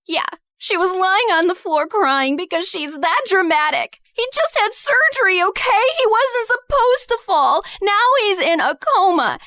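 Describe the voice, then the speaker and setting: A woman voicing a spiteful, bitter teenage girl in an animated story, sneering and hurling harsh insults. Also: very high-pitched, dry recording, clean studio sound, exaggerated voice.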